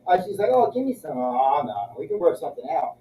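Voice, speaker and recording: In casual storytelling chat, a man spins crude, profane tales and acts out everyone else's lines. His fairly high, warm voice is very animated and fairly quick, captured from a distance in an echoey, muffled room.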